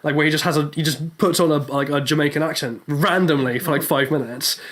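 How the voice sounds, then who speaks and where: A man's voice: fairly high pitch, steady tone, fairly quick, fairly bright tone. A young British man co-hosting a podcast, rambling and laughing often, with plenty of swearing in a casual chat. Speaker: podcast co-host.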